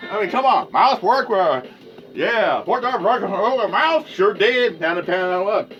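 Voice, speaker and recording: A man hosting his own podcast, ranting casually in a rambling, profane way that swings between mutters and loud outbursts. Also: high voice, lively intonation, unhurried. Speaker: podcast host. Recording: dull lo-fi sound with faint music.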